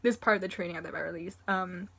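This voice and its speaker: A woman's voice: lowish voice, fast, creaky, a bit bright, breathy edge. A woman reviewing a manga chapter in a casual, rambling way, tearful and choked up as she gushes about it. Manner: rambling and gushing, full of fillers and swearing.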